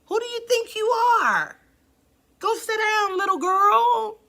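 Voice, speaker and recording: A woman's voice: very high voice, lively intonation, takes it slowly, creaky, bright, forceful tone, pitched above the performer's own voice, exaggerated voice. A woman voicing disapproving older church women who scold a young preacher sharply and dismissively. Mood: scornful.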